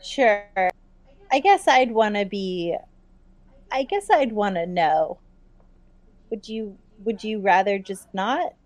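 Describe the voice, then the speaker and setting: A woman's voice: mid-range voice, animated, slow pace, long pauses, no echo. A woman playing a tabletop game, answering hesitantly and thinking aloud. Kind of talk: casual in-character play.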